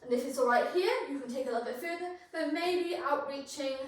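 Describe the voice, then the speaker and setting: A woman's voice: sits high, quick pace, recorded from a distance. Breathless yoga teacher woman, echoey room. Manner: encouraging, cueing poses and breaths. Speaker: yoga instructor. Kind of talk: guided yoga class instruction.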